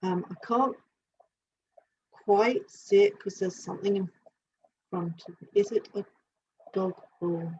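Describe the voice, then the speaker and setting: Halting woman giving an animal reading. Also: mid-range voice, a little mellow. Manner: halting, searching, thinking aloud. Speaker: animal communicator. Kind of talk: live reading session. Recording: dull lo-fi sound with faint hiss.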